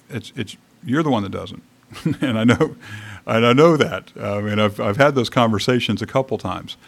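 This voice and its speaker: A man preaching a sermon in a church, reading scripture aloud and commenting on it in a conversational way. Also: medium pitch. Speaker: pastor. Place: church sanctuary.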